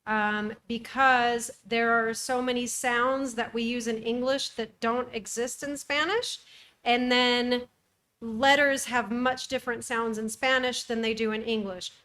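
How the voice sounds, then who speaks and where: A woman's voice: a little high, steady tone, unhurried, a bit bright. A young woman co-hosting a travel podcast, chatting casually with frequent ums. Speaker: podcast co-host. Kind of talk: casual chat.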